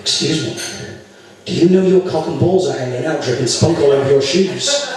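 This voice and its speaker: A man's voice: fairly high pitch, moderate pace, a crowd in the background, lightly acted. A man doing a polite young woman. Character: poised young blonde woman. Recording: echoey room, mic from far off.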